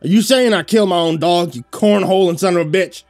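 A man voicing a gruff, short-tempered old backwoods man who snarls and curses, in a spoken horror story. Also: medium pitch, animated, moderate pace, dry recording, faint music behind, pitched above the performer's own voice, lightly acted. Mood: furious.

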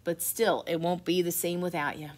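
A woman voicing Santa Claus, a kindly old man, in a storybook read-aloud, warm and encouraging. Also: on the low side, little pitch movement, moderate pace, pitched below the performer's own voice, natural voice.

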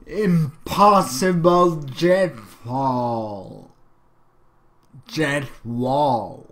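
A man's voice: mid-range voice, lively intonation, very slow, fairly bright tone. A man hosting a let's play video, commenting on the game and reading level names aloud with jokey outbursts. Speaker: gaming video host.

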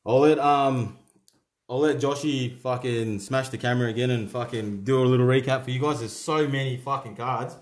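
Opening cards on his channel, a young Australian man rattles off player names and swears all the way through his casual commentary. His voice is medium-pitched and his pace moderate.

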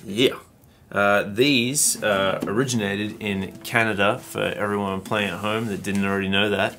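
A man's voice: fairly low pitch, steady tone, measured pace, a bit bright. A man with an Australian accent presenting guitars in a music store, easygoing and agreeable. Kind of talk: casual product chat.

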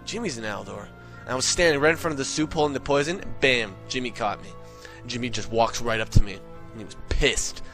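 A man telling a comic story in an excitable, profane, ranting way. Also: mid-range voice, brisk, over music. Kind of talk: comedic monologue.

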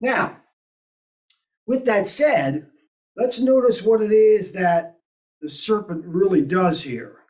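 A woman's voice: mid-range voice, lively intonation, slow pace, long pauses, a little mellow. A woman teaching an adult Sunday school class, asking the group questions and thinking aloud as she goes. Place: church classroom. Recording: roomy, distant and dull.

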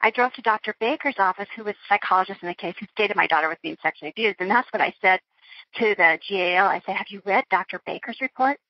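A woman's voice: medium pitch, fast talker, no room sound, dull audio. A woman being interviewed, recounting a personal ordeal in an earnest, flowing way with frequent restarts. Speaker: interview guest.

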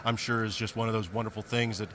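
A man's voice: lowish voice, little pitch movement, quick pace, crowd noise. A man hosting a casual interview, asking questions enthusiastically and offering short, encouraging replies. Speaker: podcast interviewer. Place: convention floor. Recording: noisy convention ambience.

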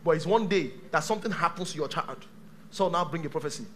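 A male pastor preaching a sermon to a live church congregation, dramatic, swinging from shouts to hushed tones. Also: on the high side, fast, a little hiss or hum.

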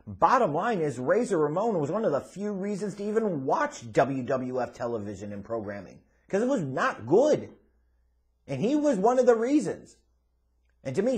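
Emphatic man with a lively, higher voice. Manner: emphatic and blunt, with casual swearing. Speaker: wrestling commentary host. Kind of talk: opinionated commentary monologue.

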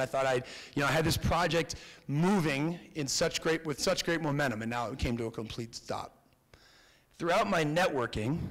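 Young American man, mid-pitched, lively storytelling keynote with quoted voices, long hall reverb. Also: gravelly. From Connecticut, USA. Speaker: keynote speaker. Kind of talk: storytelling talk.

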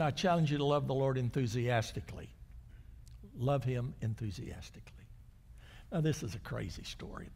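An older male pastor preaching a sermon, telling stories and moving between loud, raised lines and quiet, hushed ones. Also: mid-range voice, vocal fry, slightly rough, in a large hall. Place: church sanctuary.

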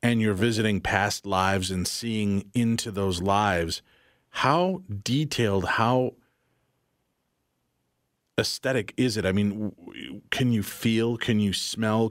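A male radio host asking a guest a long, searching question in a measured way. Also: lowish voice, no room sound, clean studio sound.

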